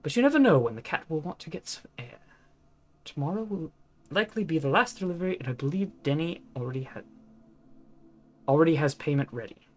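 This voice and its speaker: A man's voice: a little high, expressive, a little fast, long pauses, lightly acted. A man reading a note aloud in a put-on, old-fashioned posh British accent, playing a formal British man.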